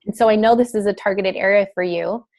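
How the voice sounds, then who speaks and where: A woman teaching a class in a chatty, casual way, with many fillers and quick switches into acted examples. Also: mid-range voice, darkish tone. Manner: chatty, filler-heavy, breaks into role-play quotes. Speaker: wellness sales trainer. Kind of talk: casual instructional talk.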